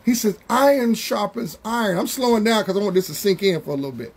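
A man preaching a Bible study sermon, drawing words out slowly for emphasis and calling out to members of the congregation. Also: sits high, breathy edge. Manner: preaching with slow, drawn-out emphasis and call-outs to congregation members.

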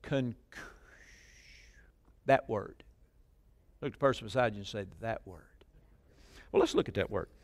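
A middle-aged man, preaching a sermon, jumping between loud shouted lines and quiet asides, and calling on the congregation to repeat phrases. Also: medium pitch, animated, normal speed, long pauses. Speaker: pastor. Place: church.

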